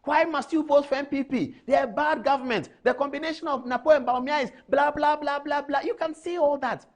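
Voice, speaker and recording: A man's voice: very high voice, brisk. A man with a Ghanaian English accent giving emphatic studio commentary as a TV news anchor, addressing people directly.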